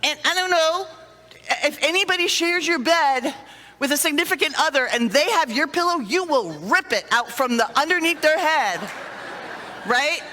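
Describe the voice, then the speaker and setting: A middle-aged woman speaking to a conference audience, telling lively stories and acting out sighs and little scenes. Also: sits high, moderate pace. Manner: animated storyteller, acts out sighs and little scenes. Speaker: conference speaker on dementia care. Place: conference hall. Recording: long reverb of a hall.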